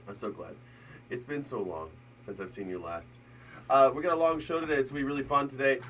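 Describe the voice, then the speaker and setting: A man's voice: mid-range voice, quick pace, a little hiss or hum. Jokey man hosting a live stream. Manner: rambling, jokey, laughs often, bursts into shouted mock voices. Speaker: live news reaction show host. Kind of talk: casual live-stream chat. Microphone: desk mic.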